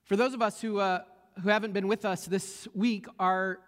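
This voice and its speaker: A man's voice: high voice, steady tone, normal speed, a bit bright, long reverb tail. A man preaching a sermon as pastor, telling a story with many fillers and restarts.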